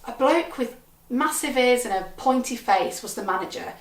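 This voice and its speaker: A woman's voice: fairly high pitch, normal speed. Wry woman telling a comic story. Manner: deadpan, wry, punchy delivery. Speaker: comedian storyteller. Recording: echoey, from a distant mic.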